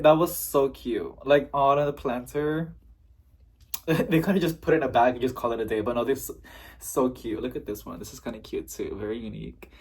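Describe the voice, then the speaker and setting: A man's voice: medium pitch, steady tone, moderate pace, a little mellow, breathy edge. A young man chatting in a casual unboxing vlog, bubbly and gushing. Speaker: plant vlogger.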